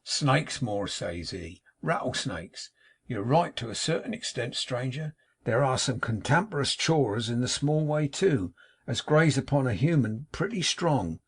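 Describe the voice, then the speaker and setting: A man voicing a knowing American stranger who talks through a nasal, slow drawl. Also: medium pitch, expressive, slightly rough.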